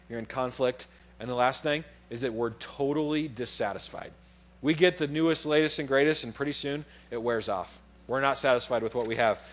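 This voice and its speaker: A young man preaching in a church, his voice sitting a little high for a man. He tells stories with energy and acts out the dialogue, talking to the congregation in an easy, conversational way. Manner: animated storytelling, acts out dialogue. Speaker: pastor. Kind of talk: sermon. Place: church auditorium.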